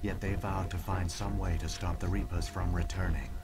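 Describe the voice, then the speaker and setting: An actor playing an ancient alien AI hologram, with a calm and measured, formal way of speaking. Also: male voice, sits low, natural voice. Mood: solemn. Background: game music.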